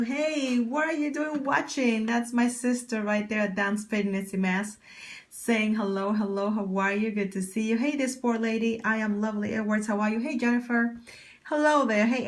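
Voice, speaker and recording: A woman fashion stylist chatting on a live phone stream from her office, effusive and greeting viewers by name. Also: fairly high pitch. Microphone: phone camera.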